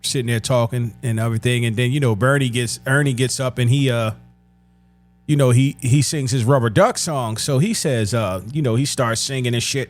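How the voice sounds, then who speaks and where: A man telling crude, profane comedy stories in street slang, with a drawn-out delivery, often breaking into laughter. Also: medium pitch, lively intonation, no room sound, soft background music. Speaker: stand-up comedian. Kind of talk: comedic storytelling.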